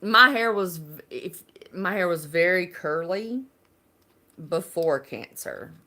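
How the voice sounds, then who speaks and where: A woman's voice: fairly low pitch, expressive, slow pace, sharp tone. A woman from Alabama with a Southern accent, chatting casually and rambling on a live stream, laughing often. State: unwell.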